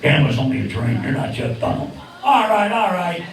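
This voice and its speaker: A man's voice: a little high, very animated, normal speed, soft background music, voice pushed down. A man voicing a crude, randy male bird puppet in a ventriloquist act, bawdy and wisecracking. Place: bar stage. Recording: echoey bar, distant mic, crowd.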